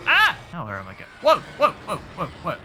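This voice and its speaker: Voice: medium pitch, wildly swooping pitch, moderate pace, pushed and bright, slight background noise. A gamer giving let's play commentary on a horror game, jumpy, gasping and yelping at every scare and talking back to the monsters. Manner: jumpy, constant startled gasps and yelps; talks back to the game's monsters.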